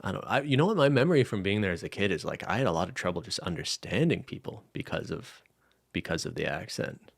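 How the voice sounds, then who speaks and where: A young man with a deep, gravelly voice, recorded dry and close with no room sound. He talks in a loose, rambling way as a podcast co-host and laughs often. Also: big pitch swings, quick pace, no room sound. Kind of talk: casual chat.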